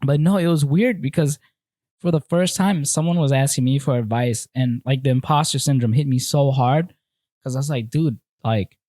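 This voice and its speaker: A man's voice: mid-range voice, normal speed, no echo. Young man, podcast host, candid storyteller, dry close sound. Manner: candid, animated storytelling with acted-out quotes. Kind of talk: casual podcast chat.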